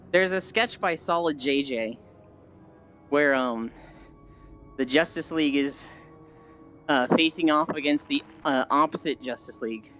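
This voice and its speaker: Medium-pitched and fairly bright, this voice belongs to a livestreamer talking casually as they walk. Stories wander along, padded with fillers and sighs, over muffled stream audio with faint music in the background.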